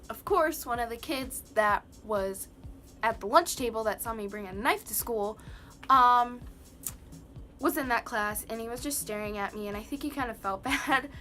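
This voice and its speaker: A woman's voice: a little high, fairly bright tone. A young woman chatting casually to the camera, telling a personal story with many "like" and "um" fillers. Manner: chatty, lots of "like" and "um". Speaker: vlogger.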